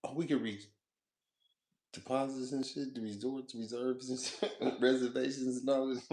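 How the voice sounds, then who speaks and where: A man's voice: medium pitch, level tone, normal speed, darkish tone, roomy sound. A man vlogging in a loose, profane, rambling monologue, repeating himself, laughing often and talking straight to the viewer. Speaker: food vlogger.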